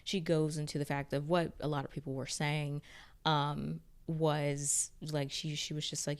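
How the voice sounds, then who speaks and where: A woman with a notably low-pitched voice recaps a TV episode in an unhurried, conversational way. She rambles, restarts her sentences and peppers almost every phrase with "like". It sounds like an easygoing solo vlog monologue. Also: flat delivery. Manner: chatty, heavy use of "like", rambling restarts. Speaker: TV recap reviewer. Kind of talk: casual spoken recap.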